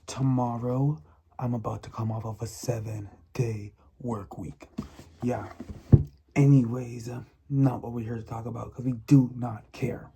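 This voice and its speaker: A man's voice: mid-range voice, level tone, unhurried, creaky, noisy background. A man chatting casually in a reading vlog, emphatic and repetitive, often laughing and sometimes dropping to a whisper. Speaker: book vlogger.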